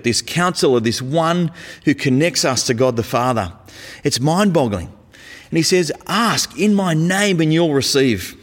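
A man preaching a sermon in a conversational, emphatic way, sometimes dropping casual slang. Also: on the high side. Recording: echoey hall.

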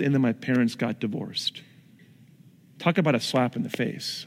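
A man's voice: medium pitch, steady tone, moderate pace, gravelly, a little mellow. A male pastor preaching a conversational sermon with acted-out asides in a church. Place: church sanctuary. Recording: long reverb in a large hall.

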